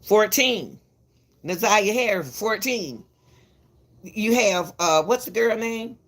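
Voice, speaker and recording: A woman's voice: medium pitch, lively intonation, slow, a bit bright. A woman giving casual commentary to the camera, emphatic and repetitive, lecturing parents and calling viewers "baby", often stumbling and restarting her words. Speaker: commentary channel host.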